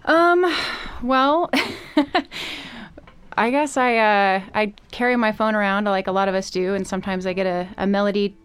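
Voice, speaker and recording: A woman's voice: mid-range voice, a little slow, fairly bright tone, clean tone. A woman, a singer and songwriter, talking in a modest, giggly way in a radio studio interview.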